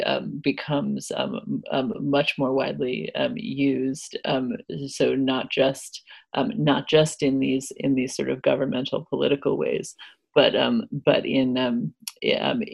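A woman author being interviewed, explaining history at length with a hesitant delivery full of pauses and filler words. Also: very deep voice, creaky, a little mellow, slightly rough, highs cut off. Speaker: author guest. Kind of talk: conversational interview.

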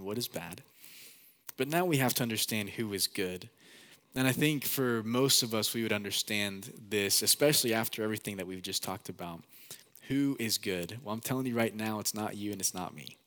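A man's voice: fairly low pitch, a bit bright, in a large hall. A young man preaching a sermon as pastor, earnest and conversational, with many casual fillers.

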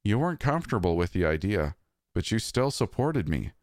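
A man voicing a dead wife who speaks through six strangers at once, calm and unsettling. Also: lowish voice, a little fast, dry recording, studio quality. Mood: calm, insistent. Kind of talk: storytelling narration.

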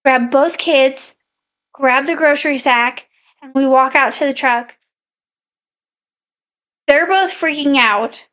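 A woman's voice: high voice, takes it slowly, pauses often, a bit bright. A woman podcast co-host in casual chat, animatedly telling a story and acting out her own quotes.

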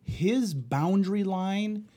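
A man's voice: high voice, slow, warm tone. A man co-hosting a casual podcast chat, laying out arguments step by step. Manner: argumentative, plays devil's advocate. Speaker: podcast co-host.

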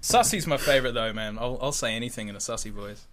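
An Australian man from Australia, chatting casually on a podcast with a lively, profane manner. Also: medium pitch, fast, crowd noise. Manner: lively, profane, slips into character voices. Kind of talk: casual chat.

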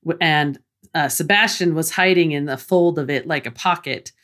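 A woman's voice: sits low, normal speed, a bit bright. A woman co-hosting a casual movie recap chat, chatty and enthusiastic. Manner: chatty, enthusiastic, laughs easily. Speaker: podcast co-host.

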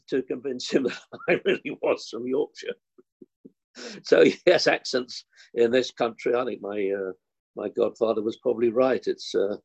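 Husky, creaky-voiced older man telling stories. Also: medium pitch, darkish tone, muffled recording. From London, England. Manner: rambling, self-deprecating storyteller with short laughs. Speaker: actor interviewed as guest. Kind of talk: relaxed anecdotal conversation.

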